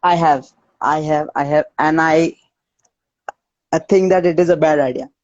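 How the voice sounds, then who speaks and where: A man's voice: a little high, fairly even intonation, moderate pace. A man being interviewed as a student guest on a live video call, giving short, hesitant answers that often repeat. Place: outdoors walking home. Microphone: phone on a video call. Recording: muffled phone call audio.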